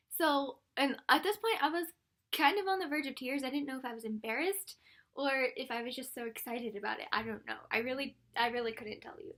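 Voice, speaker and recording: High-voiced young woman telling a story. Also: a little fast. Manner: animated, breathless retelling with quoted voices and laughs. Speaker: vlogger. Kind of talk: casual storytelling vlog.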